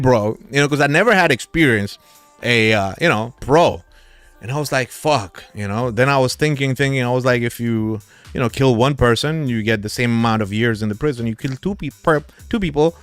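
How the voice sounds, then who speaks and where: Middle-aged male vlogger, excitable storyteller who laughs a lot, dry close sound, faint music behind. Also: medium pitch, no room sound. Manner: excitable, laughs often, swears freely. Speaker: crypto channel host. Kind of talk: casual storytelling.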